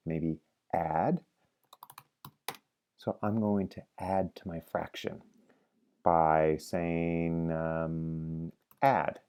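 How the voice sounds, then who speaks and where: A man's voice: low-pitched, darkish tone. A man teaching programming while he codes, chatty and prompting the viewer to answer along. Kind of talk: live-coding lecture.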